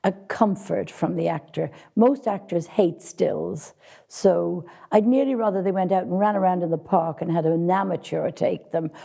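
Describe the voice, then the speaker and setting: A woman's voice: on the low side, vocal fry, mellow, slightly rough. A woman casting director answering interview questions with direct, practical advice for actors, speaking frankly.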